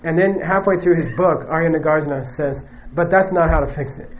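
A man's voice: on the high side, a little fast, highs cut off, a little hiss or hum. A man giving a Buddhist teaching to a live audience, conversational and joking, who often stops to check in with "okay?" and "you know". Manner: joking, emphatic asides.

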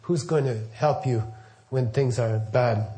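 A man's voice: mid-range voice, a little slow, mellow. A middle-aged man giving a loose, rambling Buddhist talk, often checking in with his listeners. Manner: rambling, asks listeners questions, frequent okay and right. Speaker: Buddhist teacher. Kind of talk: casual spoken teaching.

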